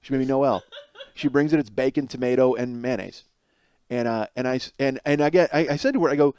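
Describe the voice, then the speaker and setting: A man's voice: medium pitch, quick pace, smooth, no room sound. A man hosting a podcast, telling a comic story about his home life, swearing often and acting out what was said. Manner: animated, exasperated, swearing, acts out quotes. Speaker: podcast host.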